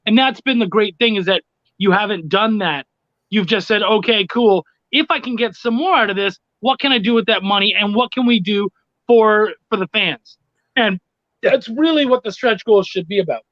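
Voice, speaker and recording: A man with a notably high voice, chatting casually and backing up the host's points. The sound is dull and lo-fi, as if it comes over a remote line. The room around him is very dry. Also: normal speed, no room sound. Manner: affirming, sums up points. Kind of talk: casual chat.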